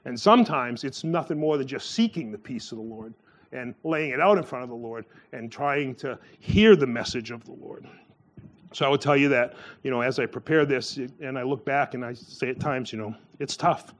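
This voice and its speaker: A man giving a sermon in a loose, conversational way, full of fillers and restarts, who jumps up in pitch when he acts out the people in his stories. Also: lively intonation, moderate pace. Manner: acts out quoted voices with a sharp rise in pitch. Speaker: preacher.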